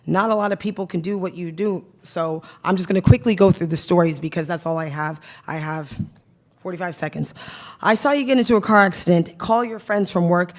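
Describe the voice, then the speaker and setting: A woman educator giving a heartfelt public comment, apologetic and speaking to her late mother. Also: mid-range voice. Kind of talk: emotional public tribute.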